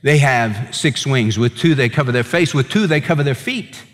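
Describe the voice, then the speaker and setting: A man's voice: mid-range voice, expressive, normal speed, big-room sound. A man preaching a sermon as pastor, emphatic and repeating words for stress.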